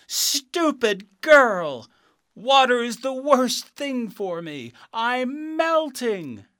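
A man voicing a cruel wicked witch in a storybook reading, screeching high and loud. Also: big pitch swings, very slow, exaggerated voice. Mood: shrieking.

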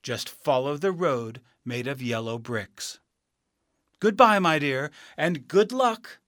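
A man voicing a kind, helpful good witch, his voice raised and gentle, in a storybook reading. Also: on the high side, expressive, takes it slowly, no echo, clean studio sound. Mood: kindly. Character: kindly good witch woman, warm and helpful.

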